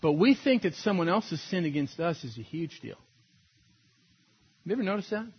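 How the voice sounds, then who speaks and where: A male pastor delivers a relaxed, conversational sermon at normal speed, telling stories and chuckling at his own points. His slightly husky voice moves widely in pitch, and the recording sounds dull and lo-fi.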